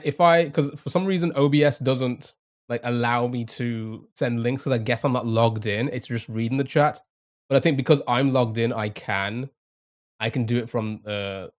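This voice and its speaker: A man's voice: medium pitch, steady tone, normal speed. A young man streaming a game live, thinking aloud, chatting to viewers and laughing often. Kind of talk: casual live-stream commentary.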